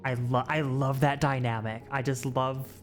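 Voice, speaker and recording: A streamer rambling casually about their own art, switching into animated mock quotes along the way. The voice sits at a middle pitch. Faint music plays in the background. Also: moderate pace. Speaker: streamer and artist. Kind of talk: casual rambling livestream chat.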